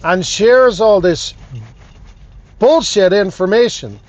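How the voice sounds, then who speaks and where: Male car vlogger, high voice, slow deliberate delivery, emphatic and indignant. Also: lo-fi sound. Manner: emphatic, indignant ranting with repeated phrases. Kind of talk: talking to camera. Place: in his car.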